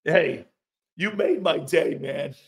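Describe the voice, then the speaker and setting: A man hosts a sports talk show, reacting to fan comments in a loose, profane way and laughing often. He's animated, with loud outbursts, and his voice is fairly high-pitched and slow.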